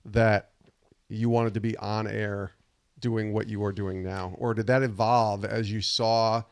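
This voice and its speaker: A man's voice: fairly low pitch, flat delivery, measured pace, gravelly, dry recording. A man hosting a podcast interview, giving short affirmations and asking thoughtful, rambling questions. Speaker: podcast host.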